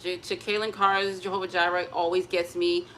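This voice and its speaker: A woman chatting casually to camera at home, expressive and open about her feelings. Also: on the low side, normal speed, slight background noise. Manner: chatty and emotionally expressive, breaks into gospel singing. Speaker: vlogger.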